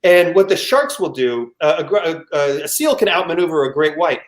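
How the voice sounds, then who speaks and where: A man recounts a personal story for a live storytelling show, his voice sitting a little high for a man. He talks in a rush of restarts and mouthed sound effects. The sound is echoey, as if from a bare room over a video call. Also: fairly quick. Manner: animated, frequent restarts, vocal sound effects.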